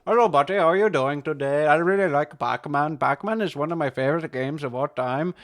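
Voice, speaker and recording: A friendly, chatty man with an Indian accent, as a young man puts him on. He sounds enthusiastic and talks a little louder than a normal speaking voice. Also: fairly high pitch, a little fast, lightly acted. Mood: cheerful.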